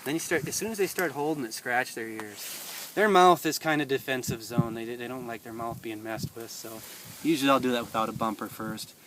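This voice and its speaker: A man working as a dog trainer, explaining an outdoor training session in a relaxed way and chatting to the dog. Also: mid-range voice, fairly quick. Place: outdoors in a field by water. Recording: distant outdoor mic with noise.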